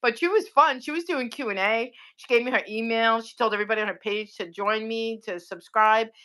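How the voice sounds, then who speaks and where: A woman's voice: a little high, brisk, a bit bright. A woman with a New York accent, chatting casually and at length on a livestream. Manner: rambling, talkative. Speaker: livestream guest. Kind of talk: casual live chat.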